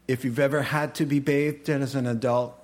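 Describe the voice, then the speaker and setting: A man's voice: medium pitch, fairly even intonation, moderate pace. A middle-aged male preacher delivering a folksy, humorous sermon, chuckling at his own lines.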